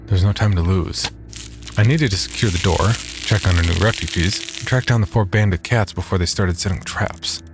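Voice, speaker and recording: A man narrating a horror audio drama in first person, wry and deadpan. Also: low-pitched.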